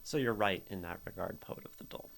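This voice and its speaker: Speaking fast with a low, slightly bright voice and some vocal fry, a man hosts a stream critiquing a poem in a casual way. He vocalizes the beats to explain its rhythm, humming them out, and laughs often as he reads and critiques poetry.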